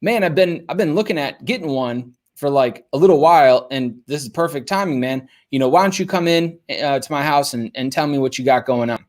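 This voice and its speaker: A man's voice: on the high side, brisk, few pauses, darkish tone, natural voice. Man voicing a friendly, eager old-timer; casual and keen. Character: very old man fixing his truck, friendly.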